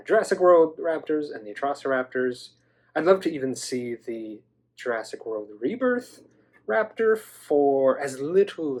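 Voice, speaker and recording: Animated, chatty man reviewing toys. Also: medium pitch. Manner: enthusiastic, chatty, playful, with some stammering restarts. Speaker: toy collector reviewer. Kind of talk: casual toy review vlog.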